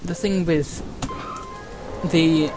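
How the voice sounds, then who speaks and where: Speaking very slowly in a slightly high voice with fairly even intonation, a man offers casual let's-play commentary while racing. He meanders through uhs, side stories and playful exclamations over game music and sound effects.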